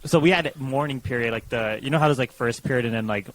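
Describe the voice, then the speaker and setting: A man's voice: mid-range voice, quick pace, slight background noise, rough recording. A young man co-hosting a podcast, chatting in a laid-back, rambling way. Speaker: podcast co-host. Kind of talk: casual chat.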